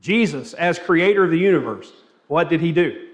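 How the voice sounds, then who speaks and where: A man's voice: a little high, lively intonation, moderate pace, muffled recording. A man leading a church Bible class, asking the group questions and telling anecdotes with light humor. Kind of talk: interactive Bible class teaching.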